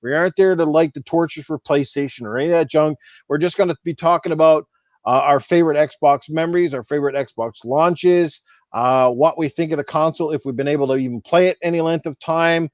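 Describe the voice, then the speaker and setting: A man's voice: on the high side, a little fast, darkish tone, no echo, muffled recording. A man chatting as a podcast guest, plugging his gaming show, his voice worn from talking. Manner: chatty, promotional. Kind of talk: casual podcast chat.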